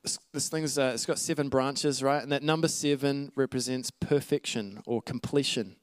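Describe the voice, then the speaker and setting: The preacher's mid-range voice holds a steady tone at a moderate pace, with no echo in the recording. He teaches scripture earnestly, speaks aside to the congregation, and laughs lightly on occasion.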